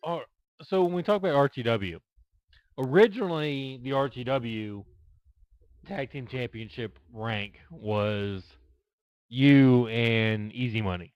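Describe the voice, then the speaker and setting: A man hosts an interview, asking long, winding questions full of ums and restarts. His voice is smooth and clear, recorded dry with a dull, lo-fi sound. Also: medium pitch, takes it slowly, a little mellow, no room sound. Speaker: interviewer, show host.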